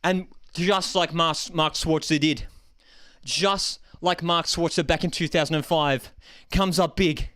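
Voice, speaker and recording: A young man hosting a live football watchalong, celebrating loudly and reading out chat messages. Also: on the high side, fairly even intonation, a little slow, no room sound, clean studio sound. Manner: ecstatic, shouting, calls everyone man and dude.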